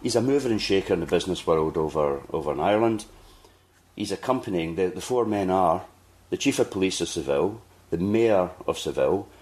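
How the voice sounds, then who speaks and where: A man's voice: sits low, expressive, fairly quick, darkish tone. A Scottish man hosting a podcast, telling a long anecdote in casual chat and acting out the people he quotes. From Scotland. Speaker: podcast host.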